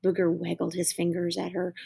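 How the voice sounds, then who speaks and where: A woman reading a children's picture book aloud, slow and expressive, lifting her voice for the children's lines. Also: on the low side, gravelly, slightly rough. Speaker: storyteller. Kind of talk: children's story read-aloud.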